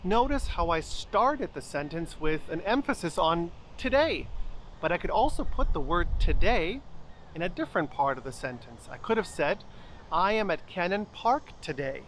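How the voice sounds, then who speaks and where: A German teacher explaining word order outdoors in a park, slowly spelling out example sentences. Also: mid-range voice, very animated, slight background noise. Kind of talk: language lesson explanation.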